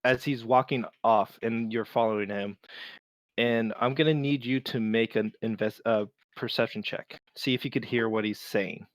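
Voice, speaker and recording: A man running a tabletop game as game master, narrating with many pauses and restarts. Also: mid-range voice, fairly even intonation, no echo. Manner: halting, many fillers and restarts.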